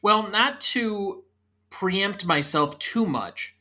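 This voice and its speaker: Man in his thirties, bright forceful tone, fairly high voice, chatty movie podcast host. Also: animated, very slow. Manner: chatty, leads the discussion with trivia. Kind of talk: casual movie podcast chat.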